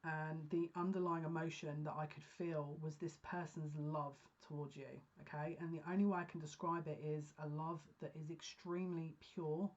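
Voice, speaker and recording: A woman giving a pick-a-card psychic reading, talking earnestly and emotionally with halting restarts. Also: deep voice, steady tone, a little mellow. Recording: dull lo-fi sound.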